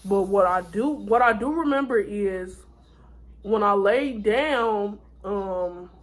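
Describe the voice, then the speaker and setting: A woman's voice: medium pitch, takes it slowly. A tired young woman vlogging, telling her story in a candid, rambling way with many fillers and restarts. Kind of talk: casual storytime vlog.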